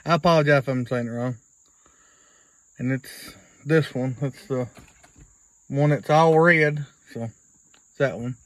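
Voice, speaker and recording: A man's voice: mid-range voice, unhurried, pauses often, no echo, low-quality recording. A man, rambling through a casual video blog in a folksy way and repeating himself. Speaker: vlogger.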